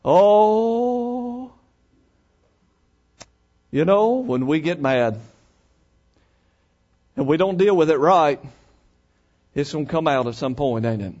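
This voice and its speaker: A man preaching a sermon, folksy and emphatic, swinging between loud and hushed. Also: on the high side, lively intonation, slow, long pauses, lo-fi sound.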